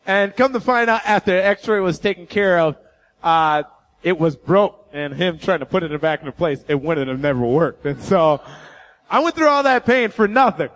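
High-voiced, animated young male preacher. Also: a little slow. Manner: animated, self-mocking storyteller. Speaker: guest preacher. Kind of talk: storytelling sermon.

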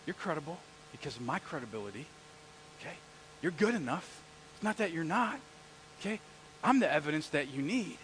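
A male pastor preaches a sermon in a conversational way, often putting questions to the congregation. His pitch sits a bit high and swings widely, and a faint hum runs behind his voice. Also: big pitch swings, a little fast, pauses often, a bit bright, rough recording. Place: church.

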